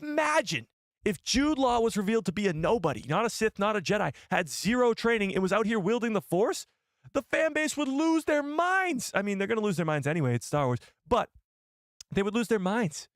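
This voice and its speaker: A male host chatting on a live stream, excitable and rambling, who often stops to correct himself. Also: sits high, fairly quick, no echo, studio quality.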